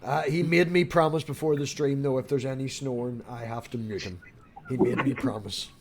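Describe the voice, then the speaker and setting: A man's voice: medium pitch, steady tone, moderate pace, heavy background noise. A man hosting his own stream, bantering with friends on a group call in a teasing, mock-put-upon way. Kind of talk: casual banter on a video call.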